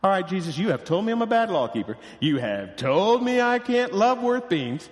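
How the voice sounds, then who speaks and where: A man preaching a sermon as pastor, animated and acting out the people he quotes. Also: high voice, normal speed, in a large hall. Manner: animated, acts out quoted voices.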